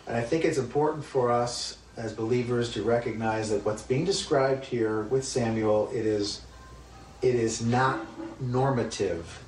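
A man's voice: mid-range voice, darkish tone, slight background noise. A man teaching a Bible study lesson in a conversational, emphatic way, often asking rhetorical questions. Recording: roomy, distant mic with faint ambience.

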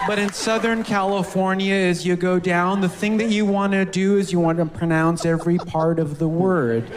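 Male stand-up, high voice, playful and halting delivery, replayed clip with light hiss. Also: in a large hall. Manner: playful, halting, laughing between lines. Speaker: stand-up comedian. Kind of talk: stand-up comedy bit on regional accents.

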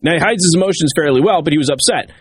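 A talk show host delivering political commentary in an emphatic way, hammering key points by repeating them. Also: male voice, fairly high pitch, rapid-fire, breathy edge, no echo.

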